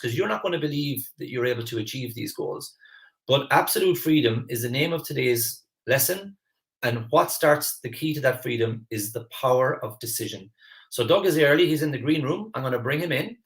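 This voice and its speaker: A man hosting a live online masterclass as a mentor, earnest and animated, often repeating words as he starts a phrase. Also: mid-range voice, gravelly. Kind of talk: live online coaching class.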